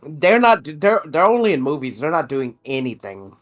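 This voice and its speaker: A Mexican man co-hosting a podcast in casual chat, animated, laughing often and swearing. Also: on the high side, moderate pace, soft background music. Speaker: podcast co-host.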